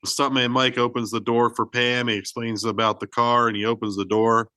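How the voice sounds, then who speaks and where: Here a film podcast co-host talks loosely about movies, his stories full of "like" and restarts. His mid-range voice is level and sharp at a normal speed, captured in a dry recording.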